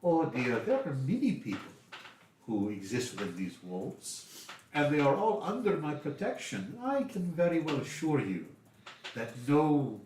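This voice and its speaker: A man's voice: fairly high pitch, sing-song, unhurried, darkish tone, a little hiss or hum, voice pushed up. A man voicing a genteel, motherly lady innkeeper who fusses over her guests and calls them dears, heard in an echoey room from a distant mic. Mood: firm. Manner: sweet, fussing, calls people dears.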